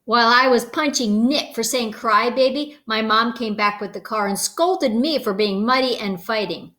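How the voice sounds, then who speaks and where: A woman reading a children's picture book aloud, expressive and playful, stopping to comment on the pictures. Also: fairly high pitch, normal speed. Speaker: storybook reader.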